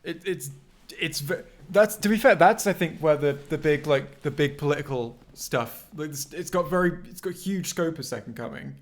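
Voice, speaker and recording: A man's voice: on the high side, normal speed. A man co-hosting a casual livestream from home on a headset mic, rambling with many restarts and fillers. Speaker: co-host. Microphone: headphones with mic.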